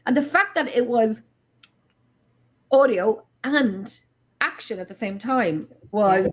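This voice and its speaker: An Irish woman hosting a paranormal chat over a video call, telling stories in an excitable, animated way. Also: a little high, slow pace. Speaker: paranormal investigator host. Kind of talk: casual chat.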